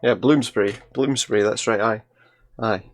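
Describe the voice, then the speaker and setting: A man's voice: fairly low pitch, moderate pace. A man giving casual let's-play commentary, thinking aloud and reading game dialogue as he plays. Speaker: video game player.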